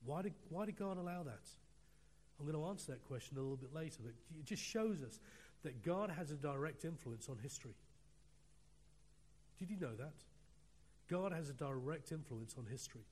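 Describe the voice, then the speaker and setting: A British man preaching a sermon with emphatic, repeating phrases that swing between loud and quiet. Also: a little high, expressive, normal speed, long pauses, breathy edge. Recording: long hall reverb.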